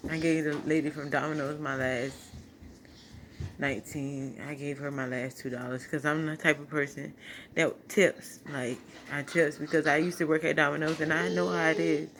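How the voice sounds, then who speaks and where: A woman's voice: deep voice, little pitch movement, normal speed, a bit bright, a little hiss or hum. A tearful woman, giving an emotional casual testimony into her phone at home, laughing and preaching as she talks. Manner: talks through tears, laughing and preaching at once. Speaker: vlogger sharing a testimony. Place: home at night.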